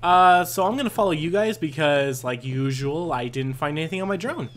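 A young man doing let's-play commentary, excitable and swearing, yelping and laughing at himself as he plays. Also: on the high side, fairly quick. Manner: excitable, swearing, yelps and self-mocking laughs. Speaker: gaming YouTuber.

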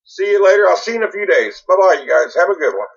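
A man's voice: high-pitched, very animated, fast, creaky, muffled recording, very noisy. A man hosting a casual livestream, rambling through viewer comments and often repeating or stumbling over his words. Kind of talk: casual political livestream talk.

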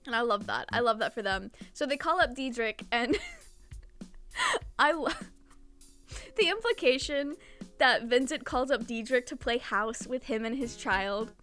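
A high-pitched young woman recaps a manga chapter in a chatty, giggly way, full of casual slang. Faint music plays underneath her voice. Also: expressive, measured pace, pauses often, fairly bright tone. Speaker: manga commentator.

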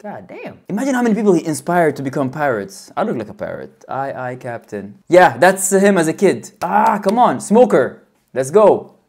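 Excitable man hosting a fan reaction. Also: a little high, moderate pace, slightly rough. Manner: excitable, bursts into loud cheers. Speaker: reaction channel host. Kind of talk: casual fan reaction commentary.

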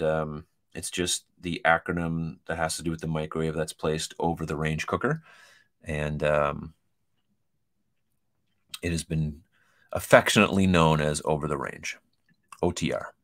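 His pitch is extremely low, his tone steady and fairly bright, and he speaks at a measured pace with long pauses. The host of a casual kitchen-design show, he jokes his way through an online quiz, reading items aloud and adding chatty asides over a shared screen.

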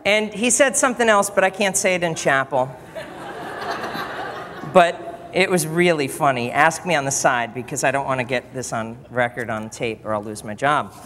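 A man preaching to a college chapel audience, telling stories in an animated, joking way. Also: mid-range voice, moderate pace. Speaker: pastor speaking in a college chapel. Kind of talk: sermon. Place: chapel hall. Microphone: PA microphone. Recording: long reverb hall with faint noise.

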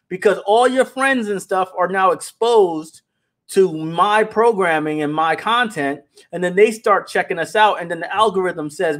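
A man hosting a casual livestream for his animation company. He is animated, talks straight to his viewers, and often repeats words. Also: high voice, a little slow.

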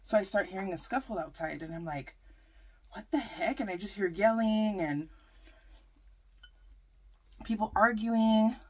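A woman vlogger chatting through a storytime while eating, animated and full of fillers. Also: medium pitch, measured pace, pauses often. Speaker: mukbang vlogger.

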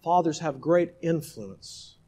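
Male pastor, sermon, high voice, emphatic swings from loud to hushed. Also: expressive, slow pace, husky.

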